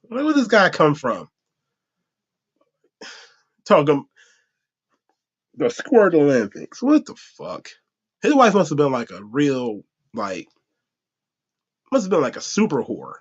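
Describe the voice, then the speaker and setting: A man with a high, lively voice rants his way through a comedic podcast, swearing freely, bursting into laughter and slipping into mock voices. His pitch leaps around constantly. The sound is muffled and lo-fi. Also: takes it slowly, pauses often, breathy edge. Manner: animated, profane, laughs often, acts out voices. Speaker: podcast host. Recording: dull lo-fi audio.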